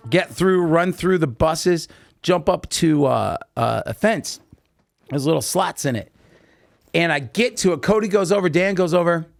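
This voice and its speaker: Animated man telling rambling stories. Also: a little high, vocal fry, no room sound. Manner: rambling, animated anecdotes with many fillers. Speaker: podcast guest. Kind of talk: casual storytelling interview.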